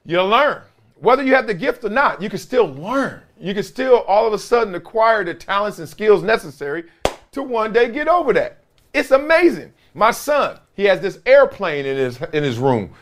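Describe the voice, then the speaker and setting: Animated middle-aged man with lively pitch. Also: moderate pace. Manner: animated, slangy storyteller who acts things out. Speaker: podcast host, former football player. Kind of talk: casual sports commentary.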